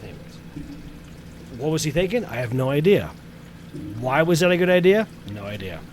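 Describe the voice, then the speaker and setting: Rambling, swearing podcast co-host. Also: male voice, a little high, sing-song, normal speed, a little hiss or hum. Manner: rambling, swears, frequent fillers. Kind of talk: casual chat.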